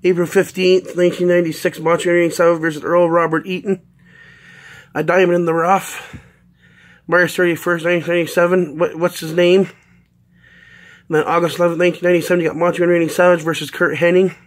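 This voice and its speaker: A man's voice: sits high, level tone, fast talker. A man from Canada in a casual unboxing vlog, reading out a long list with many ums. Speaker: vlogger.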